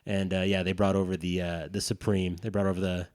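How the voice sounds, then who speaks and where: A man's voice: low voice, little pitch movement, brisk, darkish tone, dry recording, clean studio sound. A man co-hosting a dads' podcast, telling a rambling, profane story in casual chat. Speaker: podcast co-host.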